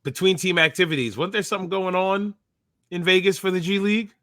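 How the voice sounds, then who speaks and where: A man with a New York accent, co-hosting a casual basketball podcast, joking around and reading a news article aloud with halting restarts. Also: high voice. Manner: animated, jokey, reads with halting restarts. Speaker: podcast co-host.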